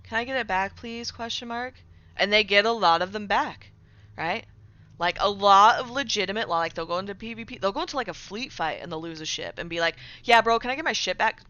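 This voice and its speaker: Chatting with her viewers on a casual live stream, this young woman reads from chat, tosses in lots of "right?" and slips in sarcasm. Her lowish voice comes across bright and forceful, with no echo and the high frequencies cut off.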